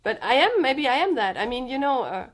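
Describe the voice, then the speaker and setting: A sick woman vlogger talking in a subdued, slightly sedated way, halting and restarting as she speaks from the floor at home. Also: high-pitched, sing-song. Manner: halting, hesitant, with many restarts. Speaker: comedian and vlogger. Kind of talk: personal confessional vlog. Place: indoors, sitting on the floor with pillows.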